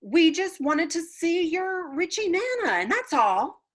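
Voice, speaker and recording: A woman's voice: very high voice, very animated, unhurried, voice pushed up, full character voice. A woman doing a chirpy bossy little girl. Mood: chatty. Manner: chatty, loud, mangles big words. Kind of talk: children's book read-aloud.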